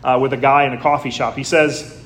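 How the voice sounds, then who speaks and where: A man's voice: medium pitch, steady tone, brisk, fairly bright tone, reverberant. A man preaching a sermon as a pastor, in a conversational way with frequent "uh" fillers.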